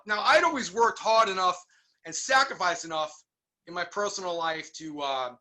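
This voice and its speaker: A middle-aged man from New York telling stories in a casual interview, animated and acting out the voices of people he quotes. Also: high voice, fairly quick. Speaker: guest musician.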